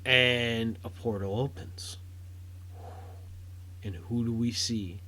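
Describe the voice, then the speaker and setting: A man hosting a podcast, giving a casual, rambling film review full of fillers and restarts that turns loud and excited at big moments. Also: mid-range voice, slow.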